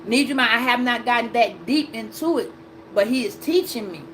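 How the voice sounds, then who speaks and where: Woman host, somewhat high voice, casual vlog rant, blunt and swears a lot. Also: animated, normal speed, fairly bright tone, slight background noise, poor audio. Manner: blunt, profane, emphatic retelling. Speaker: astrology and tarot channel host.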